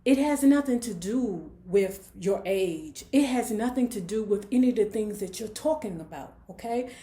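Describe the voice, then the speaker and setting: A blunt, dismissive streetwise young man, as a woman reads him from a novel. He brushes things off in a plain, mid-pitched voice. The room adds a roomy echo. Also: lively intonation, moderate pace, warm tone, close to an everyday voice.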